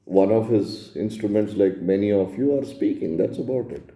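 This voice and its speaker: Dark-voiced man giving a spiritual talk. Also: on the low side, moderate pace, reverberant. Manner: earnest, explanatory, asks rhetorical questions. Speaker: spiritual teacher. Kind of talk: spiritual discourse on scripture.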